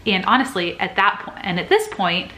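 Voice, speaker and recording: A woman's voice: mid-range voice, sing-song, moderate pace, sharp tone. A young woman, a nurse, talking casually and earnestly to camera, acting out her own past worries as she goes. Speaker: nurse sharing advice. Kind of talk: casual vlog chat.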